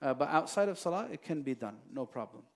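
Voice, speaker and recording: A man taking questions at a mosque, explaining at length with many pauses and quotes recited in Arabic. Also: on the high side, very animated, gravelly. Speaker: imam answering questions. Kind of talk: religious Q&A talk. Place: mosque hall.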